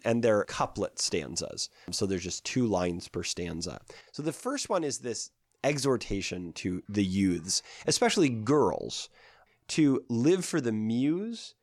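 A man reciting a poem slowly, then explaining its verse in a relaxed lecturing voice. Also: lowish voice, no room sound, clean studio sound. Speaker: lecturer on ancient poetry. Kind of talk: poetry reading and lecture.

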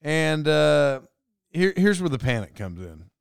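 A young man rattles through a personal story in a casual, rambling way, often breaking off mid-sentence for side notes. His voice sits a little high and sounds smooth and clear. The recording is close and dry. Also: unhurried, no room sound. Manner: animated, self-interrupting. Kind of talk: casual anecdote monologue.

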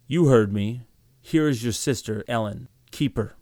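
A man voicing a calm, cold, steadfast young husband who speaks firmly and with open contempt in a storybook reading. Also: medium pitch, a little slow, no room sound, studio quality, close to an everyday voice. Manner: firm, iron-voiced, contemptuous.

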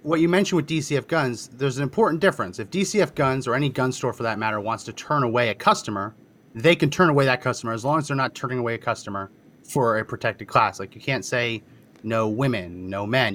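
A man in casual podcast talk, his voice sitting in an ordinary middle pitch. He argues his points steadily and drops in frequent short agreements while his co-host speaks. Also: fairly bright tone. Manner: argumentative, quick to agree with short yeahs.

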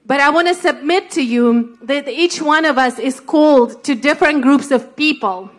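A woman's voice: high voice, moderate pace. A woman with a Russian accent sharing earnestly and personally in a sermon. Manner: earnest, personal, laughs at herself.

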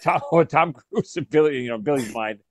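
A man telling a story to his friends in casual chat, animated, laughing often and repeating words. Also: on the high side, normal speed, dry recording.

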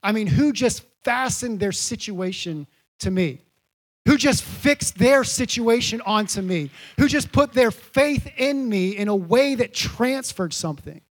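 A calm male teacher patiently sets a misunderstanding straight, voiced by a high-pitched preacher. He sounds steady and sure. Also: unhurried, full character voice. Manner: patient, correcting.

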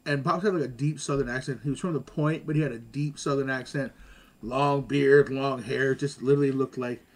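A man telling stories in casual chat as a guest, animated and slangy, laughing along. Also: medium pitch, brisk.

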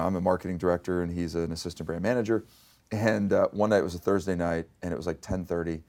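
A man's voice: low-pitched, creaky. A man in his fifties, a company CEO, telling stories in a business interview and acting out the dialogue. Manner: animated storyteller, acts out quoted dialogue.

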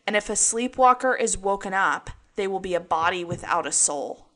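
Brief: young woman co-host, bright forceful tone, giggly and chatty. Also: mid-range voice, expressive, normal speed. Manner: chatty, laughs often, presents researched facts. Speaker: podcast co-host. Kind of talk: casual podcast chat.

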